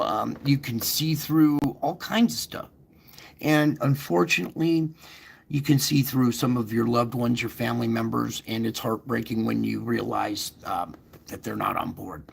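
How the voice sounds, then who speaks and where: A man's voice: mid-range voice, gravelly, slightly rough. A man hosting an online faith show, talking earnestly and chattily, with emphatic rises and frequent restarts. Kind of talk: casual spiritual encouragement.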